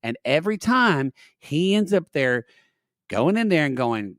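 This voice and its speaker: A man co-hosting a podcast, telling a long story in casual chat, animated and profane, recorded on a dry, close mic. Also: on the high side, moderate pace, dry recording. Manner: animated, profane storytelling with dramatic quoted outbursts. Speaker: podcast co-host.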